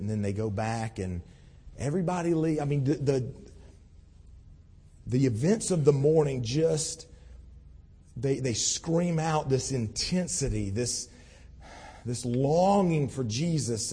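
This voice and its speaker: A man's voice: on the high side, warm tone, breathy edge. A man preaching a conversational sermon, reading scripture and explaining it in an earnest, storytelling way. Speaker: pastor. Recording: long hall reverb.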